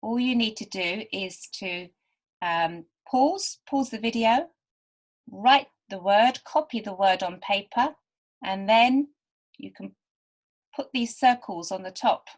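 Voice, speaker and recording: A woman teaching beginners to read, talking very slowly and patiently. She sounds out each word carefully and repeats it so learners can follow. Her voice sits at an ordinary middle pitch. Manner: patient, stretches and repeats words. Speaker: literacy teacher.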